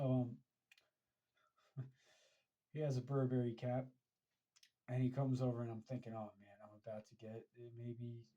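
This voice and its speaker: American guy rambling through a fan story, mid-pitched, lots of uh and um. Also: dark tone, poor audio. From United States. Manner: rambling, many fillers and restarts. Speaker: fan podcaster. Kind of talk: casual storytelling monologue.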